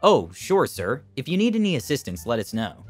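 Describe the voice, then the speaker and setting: A man's voice: medium pitch, huge pitch swings, moderate pace, breathy edge, soft background music. A man voicing a friendly but firm clinic medical assistant who speaks professionally to patients. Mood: polite, firm.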